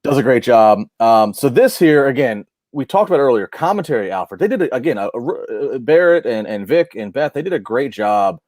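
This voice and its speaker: Male podcast co-host, mid-pitch, dry close sound; animated, restarts a lot mid-sentence. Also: moderate pace, hardly any pauses, no echo. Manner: animated match recap with lots of restarts. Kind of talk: casual review chat.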